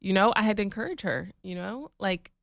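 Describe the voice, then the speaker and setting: A woman co-hosting a podcast in casual chat, telling stories in a lively way and acting out the lines she quotes. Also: medium pitch, brisk, vocal fry, no echo, studio quality. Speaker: podcast co-host.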